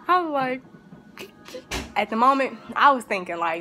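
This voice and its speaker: A woman's voice: medium pitch, animated, fairly quick, sharp tone, soft background music. Rambling young woman telling a story. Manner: rambling, many fillers and restarts, slangy. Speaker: vlogger. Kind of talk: casual storytime.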